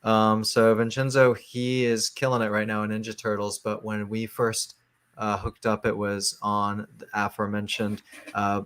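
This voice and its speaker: Man, low voice, flat intonation, halting, filler-heavy, interview guest. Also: smooth. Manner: halting, many fillers and restarts. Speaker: comic book writer, guest. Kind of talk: casual interview talk.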